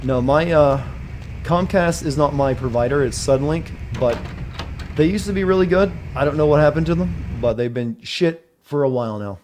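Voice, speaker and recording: A man's voice: fairly high pitch, normal speed, darkish tone, a little hiss or hum. A man streaming a video game, chatting casually with viewers about connection problems and his play.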